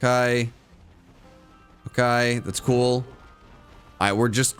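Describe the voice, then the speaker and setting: A man's voice: medium pitch, little pitch movement, slow pace, clear, resonant tone, faint music behind. A man streaming live to his chat, giving casual game commentary and repeating phrases as he goes. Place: home room.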